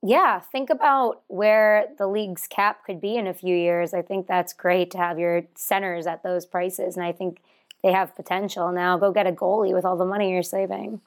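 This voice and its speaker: Relaxed, hesitant woman podcast co-host. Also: on the low side, normal speed. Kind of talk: casual chat.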